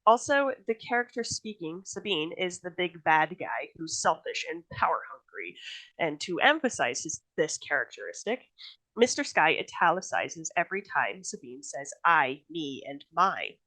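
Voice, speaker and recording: A woman's voice: on the low side, big pitch swings, moderate pace, a bit bright, poor audio. A woman author giving a recorded workshop presentation on writing, in a chatty, friendly teaching tone that laughs easily.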